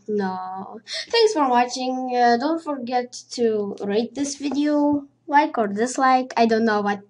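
A woman speaking English as a second language talks through a horror game in a slow, somewhat high voice. She is jittery and swears constantly, humming nonsense syllables to steady her nerves. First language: not English. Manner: jittery, swears a lot, hums nonsense to stay calm. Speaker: let's play gamer.

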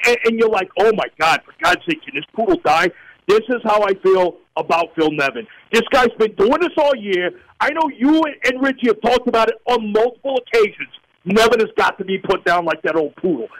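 A radio host playing a ranting, crude Yankees fan caller in a comedy sports radio bit. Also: male voice, extremely high pitch, a bit bright, full character voice, rough recording. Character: furious loudmouth male New York Yankees fan caller.

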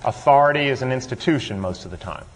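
A man's voice: mid-range voice, expressive, fast. A man leading a workshop, talking a group through written steps in a plain-spoken way. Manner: plain-spoken, role-plays his own grudges. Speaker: workshop leader. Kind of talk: instructional talk to a group. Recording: long hall reverb.

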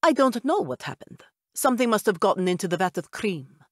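A woman voicing a tall, imposing witch who runs a cafe, smooth and evasive in an audiobook. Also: medium pitch, big pitch swings, a little fast, no echo, studio quality. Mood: cool, aloof. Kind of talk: audiobook character voice.

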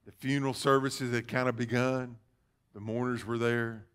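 A man preaching a sermon as pastor, calling out questions to the congregation and rising to loud, fervent passages. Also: medium pitch, flat delivery, moderate pace, clear, resonant tone. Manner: call-and-response preaching, rising to loud fervor. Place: church sanctuary.

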